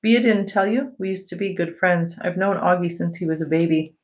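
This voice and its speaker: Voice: mid-range voice, brisk, natural voice. A reader voicing a friendly teenage girl in a book read aloud, casual and a little proud.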